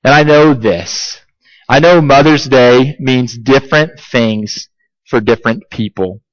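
A man preaching a sermon as pastor, emphatic and deliberate, asking his congregation repeated rhetorical questions. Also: mid-range voice, no echo, dull audio.

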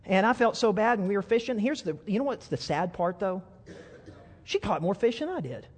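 High-voiced man preaching in a reverberant hall. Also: expressive, fairly quick. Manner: folksy storyteller, frequent stammered restarts. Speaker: pastor. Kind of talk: sermon with storytelling.

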